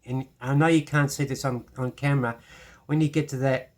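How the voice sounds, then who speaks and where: A man's voice: mid-range voice, fairly even intonation, fairly quick. Chatty Irish man teaching piano. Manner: chatty, self-deprecating, many restarts. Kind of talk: casual piano lesson. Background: piano playing.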